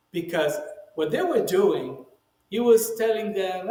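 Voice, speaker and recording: A man's voice: high-pitched, expressive, slow, mellow. A man, a rabbi, giving a conversational Bible teaching, emphatic and lifting his voice when he reads quoted speech, with frequent "you know" asides. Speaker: rabbi teaching the weekly Torah portion. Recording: roomy echo.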